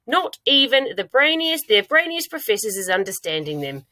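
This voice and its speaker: A woman's voice: on the high side, very animated, moderate pace, dry recording. Brief: woman reads a big friendly giant, mild and mixed-up grammar, dry close sound. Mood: gentle. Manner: mangled grammar, gentle. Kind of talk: reading a children's book aloud.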